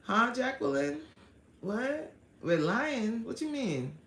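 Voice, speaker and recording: Bright, chatty woman live-streaming. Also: on the high side, takes it slowly, vocal fry. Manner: animated and chatty, laughs a lot, slangy street talk. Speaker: livestream host. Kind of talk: casual live chat, reading out viewer comments. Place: indoor room at home. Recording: roomy echo.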